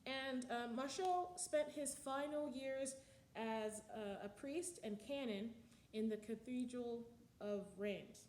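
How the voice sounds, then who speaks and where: An instructor talking through a music lecture, a woman with a slightly high voice who fills her pauses with ums and sings out rhythms to illustrate them. The room sounds echoey, with a faint hiss behind her. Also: darkish tone. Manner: explanatory, with frequent ums and sung counting of beats. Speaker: music history teacher. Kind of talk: recorded slide lecture.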